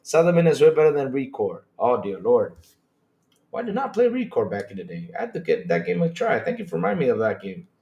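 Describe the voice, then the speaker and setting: This is a male gaming streamer who talks fast and excitedly to viewers, reads their comments, repeats phrases, and laughs often. His voice is mid-range, and the recording sounds lo-fi.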